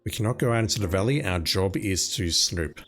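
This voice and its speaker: Low-voiced man musing over a game. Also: lively intonation, a little fast, fairly bright tone, soft background music. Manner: musing, thinking aloud. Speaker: let's play commentator. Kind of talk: casual gameplay commentary.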